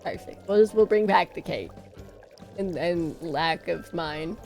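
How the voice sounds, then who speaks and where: A woman's voice: fairly low pitch, unhurried, warm tone, soft background music. A woman streamer chatting casually on a livestream, playful and giggly, rambling as she talks.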